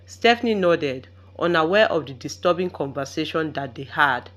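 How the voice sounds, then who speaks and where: A woman narrating a dramatic family story in an expressive, scripted style. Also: sits low, moderate pace.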